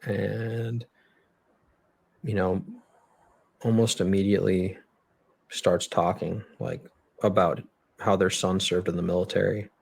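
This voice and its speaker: A young man telling a story as a podcast guest, blunt and full of swearing, in a halting way. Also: low voice, little pitch movement, creaky, darkish tone, breathy edge. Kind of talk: storytelling in a conversational interview. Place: podcast studio.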